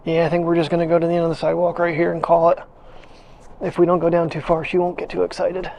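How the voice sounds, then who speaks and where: A man's voice: high voice, flat delivery, brisk, vocal fry, a little mellow. A man chatting casually as he walks his dog outside, rambling from thought to thought. He chuckles often and breaks off to coax the dog along. His voice is picked up close on a wireless clip-on mic. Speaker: daily vlogger. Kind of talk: casual chat. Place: outdoors on a sidewalk, walking a dog.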